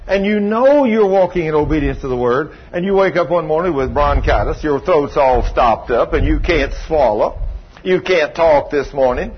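A preacher man with a fairly high voice delivers a folksy, emphatic sermon full of stories. He drawls and presses hard on his points. The recording is muffled and lo-fi, with a faint hiss underneath.

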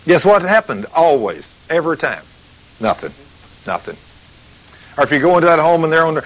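A man's voice: fairly high pitch, very animated, brisk, pauses often, a bit bright, low-quality recording. A man preaching a sermon. He asks rhetorical questions and acts out the scenes and voices he quotes. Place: studio recording between breaks.

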